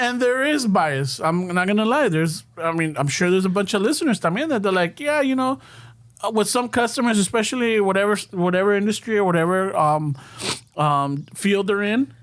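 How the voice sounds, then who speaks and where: A young man, chatting casually as a podcast co-host and telling stories full of swearing while switching between English and Spanish. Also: sits high. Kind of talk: casual chat.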